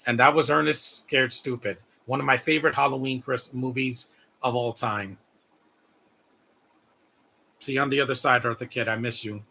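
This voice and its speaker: A man's voice: mid-range voice, steady tone, normal speed, vocal fry, pauses often, bright, forceful tone. A man giving rambling, heartfelt live commentary on a movie, repeating words as he talks. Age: adult.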